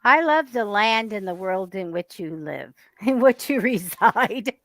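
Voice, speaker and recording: A woman's voice: medium pitch, unhurried, dry recording. A woman, a guest psychic, telling stories animatedly in casual chat. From United States. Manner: animated storyteller, laughs often.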